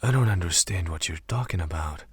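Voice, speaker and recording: A man's voice: deep voice, animated, fairly quick, slightly rough, no room sound, studio quality, full character voice. Man voicing a grumbling young man. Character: sleepy, stubborn young man of twenty-three.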